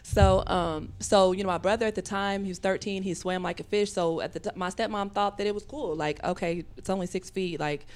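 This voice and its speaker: Animated storytelling woman, podcast guest. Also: brisk, few pauses. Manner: animated, acts out quoted voices with big pitch jumps; talks in rambling runs with many fillers. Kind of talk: personal storytelling in a podcast interview.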